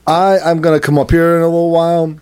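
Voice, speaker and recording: A man telling a story in casual chat, animated and laughing often as he acts out what people said. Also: a little high, fast talker, clear, resonant tone. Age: adult, has a son. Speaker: podcast co-host telling a story.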